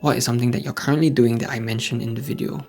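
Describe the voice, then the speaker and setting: Man, Singaporean English accent, hushed indoor voice, casual motivational vlog, gravelly, faint music underneath. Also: mid-range voice, steady tone, racing. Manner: speaks softly with a hushed indoor voice. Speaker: host of a faith-based channel for men. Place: at home indoors late at night. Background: faint background music.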